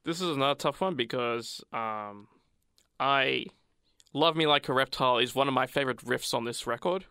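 Male podcast co-host, gravelly and bright, halting casual talk. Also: medium pitch, no room sound, clean studio sound. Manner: hesitant, many ums and restarts. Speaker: podcast co-host, music fan. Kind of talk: casual music discussion.

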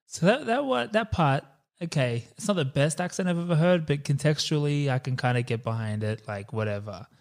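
Cast note: a man riffing casually on films, loose and sweary, a touch high-voiced. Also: lively intonation, fairly quick. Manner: swearing, joking, rambling. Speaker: podcast co-host. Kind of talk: casual chat about films.

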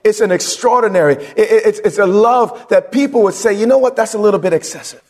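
A male pastor preaching a sermon, drawing answers from the congregation with questions and rising to shouts at its peaks. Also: high voice, fairly quick, big-room sound.

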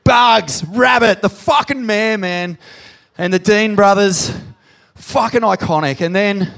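Australian male live podcast host, fairly high voice, swears a lot, gets loud on the hype. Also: takes it slowly, gravelly. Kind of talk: live podcast hosting on stage. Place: pub venue with live audience.

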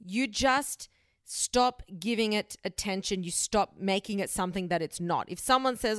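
A woman's voice: mid-range voice, lively intonation, normal speed, a bit bright, no room sound. Blunt woman, dry close sound. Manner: blunt, frank, casually swearing. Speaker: podcast host. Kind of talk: solo advice podcast monologue.

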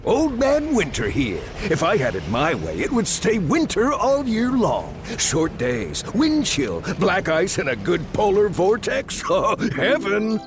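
A man's voice: high voice, wildly swooping pitch, measured pace, hardly any pauses, background noise, exaggerated voice. An actor playing Old Man Winter, a gleeful, gloating old man in love with cold weather, in a radio ad.

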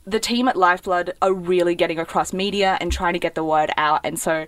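A woman's voice: lowish voice, steady tone, a little fast, no room sound. A young woman, co-hosting a casual podcast chat in a chatty, enthusiastic way. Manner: chatty, enthusiastic, with many fillers. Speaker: co-host.

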